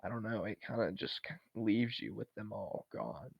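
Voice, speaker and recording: Co-hosting a casual podcast chat, a man with a lowish, husky voice and vocal fry rambles through a story at a moderate pace, full of fillers and restarts. The sound is dry with no echo, and the highs are cut off.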